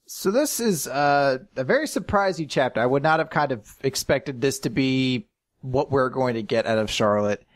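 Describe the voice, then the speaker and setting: Man, mid-pitched, dry close recording, rambling casual podcast talk. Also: expressive, moderate pace, no room sound. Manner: rambling, tangents with restarts and laughs. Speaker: podcast co-host. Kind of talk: casual recap chat.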